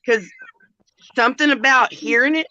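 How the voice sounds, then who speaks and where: Bright-voiced woman host in her fifties. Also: mid-range voice, normal speed. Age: 50s. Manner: rambling, blunt, swears casually. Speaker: livestream host. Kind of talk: casual chat. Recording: dull lo-fi stream audio.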